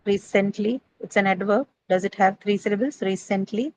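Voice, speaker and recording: A woman's voice: mid-range voice, normal speed, no room sound, rough recording. A woman teaching an English class on word stress in a classroom, checking in with students and often adding "right?" and "uh".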